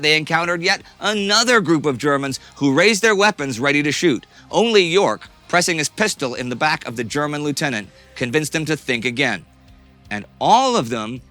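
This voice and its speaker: A man narrating a scripted history documentary in a dramatic storytelling manner. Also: a little high. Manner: dramatic storyteller, swings between tense and hushed.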